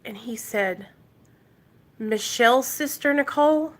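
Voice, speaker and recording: A woman's voice: on the high side, unhurried. A woman from Arkansas telling an emotional story on her recovery vlog and talking straight to her viewers. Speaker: recovery vlogger.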